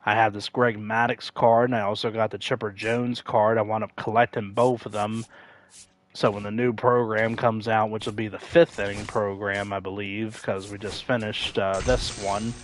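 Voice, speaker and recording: A man's voice: level tone, normal speed. Rambling man chatting on a livestream. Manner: rambling, many fillers and self-corrections; acts out quoted announcers with sudden loud high outbursts. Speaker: livestream gamer. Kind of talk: casual livestream chat.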